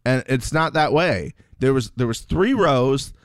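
A man co-hosting a casual recap podcast, animated and quick to mimic voices. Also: mid-range voice, no room sound, studio quality. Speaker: podcast co-host.

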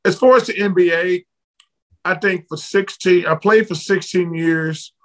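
A middle-aged man from Alabama, a former basketball player telling blunt, lively stories as a guest in an interview. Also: sits high, measured pace, low-quality recording. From Alabama, United States. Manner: lively, blunt storyteller, casual slang. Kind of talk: candid storytelling in an interview.

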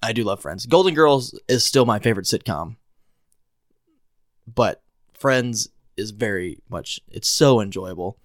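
A man's voice: fairly low pitch, animated, unhurried, no echo, studio quality. A man co-hosting a podcast, chatting casually and playfully, enthusiastic when retelling a favorite scene. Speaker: podcast co-host. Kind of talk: casual chat.

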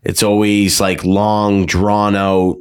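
A man co-hosting a podcast with a nasal voice, rambling and halting, sprinkled with swearing. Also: on the low side, level tone, clean tone. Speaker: podcast co-host. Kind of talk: casual chat.

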